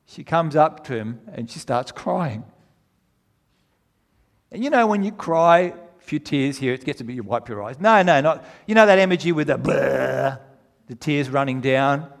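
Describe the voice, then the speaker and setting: A man preaching a sermon, telling a story with animated, rising delivery that climbs to near-shouting at its peak. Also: a little high, normal speed, gravelly, long reverb tail.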